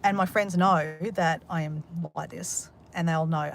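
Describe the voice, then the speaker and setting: A woman's voice: deep voice, steady tone, moderate pace, hardly any pauses, a little hiss or hum. An Australian woman chatting casually on a livestream, rambling and joking with a sarcastic, self-mocking humour as she reads out viewer comments. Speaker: livestream host. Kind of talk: casual live chat reading comments.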